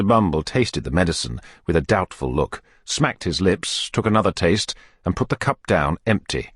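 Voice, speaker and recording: A man narrating a classic novel as an audiobook reader, in expressive, lively storytelling. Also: low voice, normal speed, husky, no echo, studio quality.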